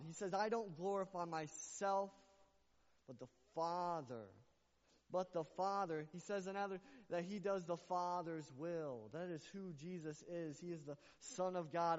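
A man's voice: a little high, a little slow. A man preaching a sermon to his congregation, emphatic and repetitive, building his points through repeated lines. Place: church service. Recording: dull lo-fi with long reverb.

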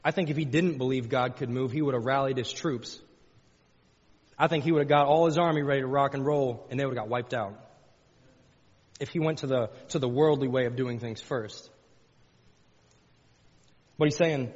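A man's voice: mid-range voice, steady tone, moderate pace, pauses often, slightly rough. A man preaching a sermon as pastor, folksy, repeating phrases and rising into fervent pleading. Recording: dull lo-fi sound with long hall reverb.

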